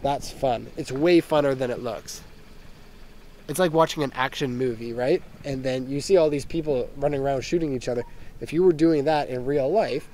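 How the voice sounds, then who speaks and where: A man's voice: medium pitch, mellow, a little hiss or hum. Chatty man rambling through a car walkaround. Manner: chatty and rambling, with jokey tangents. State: slightly hoarse from a recent illness. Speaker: car import dealer and reviewer. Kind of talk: casual walkaround car review. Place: inside a parked minivan.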